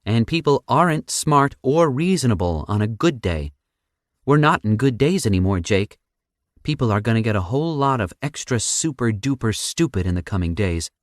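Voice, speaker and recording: A man's voice: mid-range voice, lively intonation, moderate pace, dry recording, clean studio sound, voice pushed up, natural voice. A man voicing a sarcastic, anxious young woman, a little sister, in an audiobook, with a blunt, teasing manner. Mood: wry. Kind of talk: audiobook character voice.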